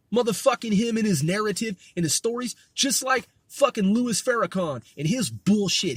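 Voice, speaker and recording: High-voiced man ranting profanely. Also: a bit bright, no echo, studio quality. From United States. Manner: heavy profanity, filler words "dude" and "man"; repetitive, ranting. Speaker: podcast host. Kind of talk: profane political rant.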